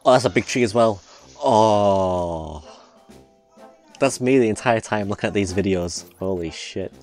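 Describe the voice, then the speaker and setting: A man's voice: on the low side, measured pace, a little mellow, soft background music. A man hosting a reaction video, commenting casually on clips, laughing often and swearing freely.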